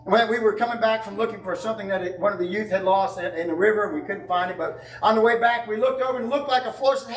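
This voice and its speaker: A man's voice: high voice, fast talker. A male pastor preaching a sermon in a church, talking in a conversational, emphatic way and mixing in homely stories. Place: church sanctuary. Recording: echoey church from far off.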